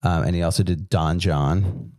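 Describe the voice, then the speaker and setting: Joking podcast co-host, easygoing man, low mellow voice, recorded dry. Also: moderate pace, no room sound. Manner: relaxed, joking, fillers like um. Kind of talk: casual chat.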